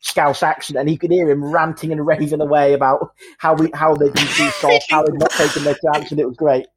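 A man's voice: fairly high pitch, level tone, a little fast, background noise. A man co-hosting a casual fan podcast, telling stories with an easy laugh. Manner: chatty storyteller, laughs easily. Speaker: podcast co-host. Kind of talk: casual chat.

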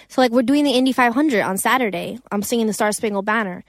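Young woman, slightly high voice, dry sound; rambling, profane, lively interview chatter. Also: fast talker, hardly any pauses, no echo. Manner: rambling, profane and animated, with many restarts. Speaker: singer and songwriter. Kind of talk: casual interview chat.

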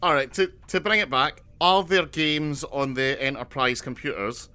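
A young man co-hosting a podcast, spinning rambling deadpan jokes in casual chat with frequent restarts. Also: a little high, moderate pace, smooth. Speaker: podcast co-host.

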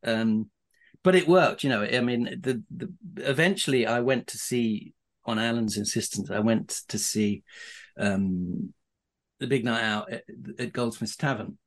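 A man's voice: mid-range voice, a little slow. A middle-aged man, a podcast guest, telling casual anecdotes in a rambling way with many restarts and chuckles.

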